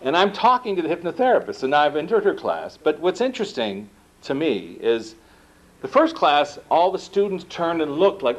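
A man giving a talk to an audience, telling his story animatedly and acting out quoted dialogue. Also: normal speed. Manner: acts out quoted dialogue with lively pitch jumps. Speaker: speaker giving a book talk. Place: lecture room. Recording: dull lo-fi recording.

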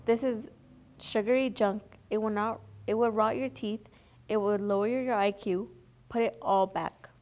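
A woman's voice: medium pitch, steady tone, measured pace, a little mellow, close to an everyday voice. A young woman voicing a stern father who scolds his daughter in a children's story read aloud. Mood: scolding. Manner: exasperated scolding.

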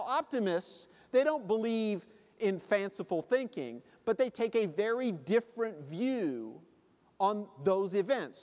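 A man giving a comic motivational conference talk, acting out little scenes with funny voices. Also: high voice. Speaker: keynote speaker. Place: convention hall. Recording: live hall reverb.

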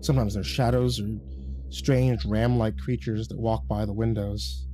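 A man reading a horror story aloud in a calm, measured storytelling voice. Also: lowish voice, music in the background. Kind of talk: scripted horror narration.

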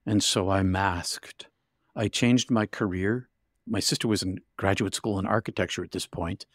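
A man's voice: sits low, fairly even intonation, normal speed, a bit bright, no room sound, clean studio sound. A man telling a personal story vividly and intensely as an interview guest, with frequent restarts.

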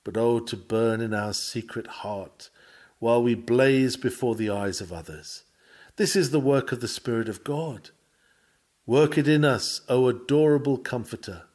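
A man's voice: medium pitch, a little slow, darkish tone. Solemn man reading an old sermon. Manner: solemn, earnest preaching cadence. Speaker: reader of a sermon lecture. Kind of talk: read-aloud sermon.

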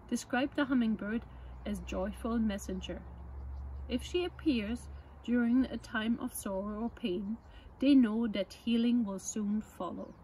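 A woman presenting children's books, reading a picture book aloud at story time in a gentle, measured way. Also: on the high side, slight background noise, rough recording.

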